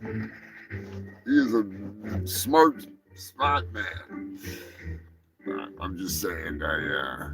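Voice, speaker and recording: A man's voice: sits low, extremely slow, long pauses, low-quality recording. A man hosting a live comedy news show, who rambles, jokes and swears. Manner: rambling, profane, joking. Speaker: host. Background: music.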